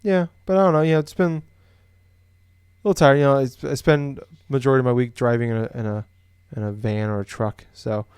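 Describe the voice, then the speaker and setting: A man's voice: mid-range voice, steady tone, moderate pace, darkish tone, clear, resonant tone, dry recording, studio quality. A young man from Iowa co-hosting a casual podcast, rambling with lots of fillers and restarts. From Des Moines, Iowa. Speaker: podcast co-host. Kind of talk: casual chat.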